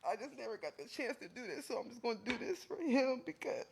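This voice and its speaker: Tearful man giving a halting eulogy. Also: very high voice, animated, vocal fry, a little hiss or hum. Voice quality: halting speech full of fillers. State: tearful, voice breaking. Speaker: family friend giving a eulogy. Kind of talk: emotional eulogy at a funeral.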